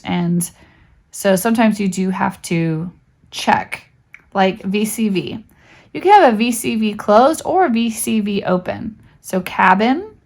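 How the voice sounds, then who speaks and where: A woman's voice: mid-range voice, creaky. A woman walking through spelling and syllable rules in a casual teaching voice, checking in often with "right?". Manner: chatty, explains step by step, asks "right?" often. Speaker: homeschool teacher.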